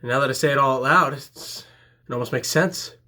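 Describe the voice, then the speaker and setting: A man telling a comedic story about himself in an animated, self-mocking way. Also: medium pitch, brisk.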